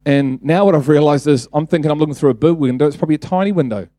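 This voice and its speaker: A man's voice: on the high side, rapid-fire, mellow, no echo, clean studio sound. A man preaching a casual sermon, talking conversationally, then building to emphatic bursts and asking the congregation rhetorical questions.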